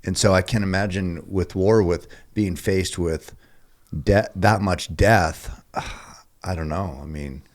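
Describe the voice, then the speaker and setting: A man as a podcast guest, speaking earnestly and haltingly as he searches for his words. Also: sits low, steady tone. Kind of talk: casual conversation.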